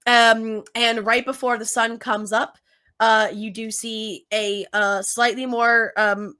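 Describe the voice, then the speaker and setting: A woman's voice: fairly high pitch, level tone, slow, bright, forceful tone, clean tone. Chatty woman game master. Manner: chatty, filler-heavy, laughs easily. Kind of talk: narrating a tabletop game.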